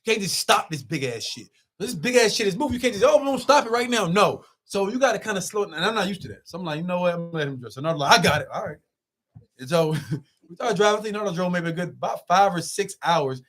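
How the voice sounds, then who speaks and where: A young man telling a road story in casual, animated talk, swearing as he goes. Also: sits high. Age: young adult. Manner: animated, swearing, quick rambling with loud swings. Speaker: guest.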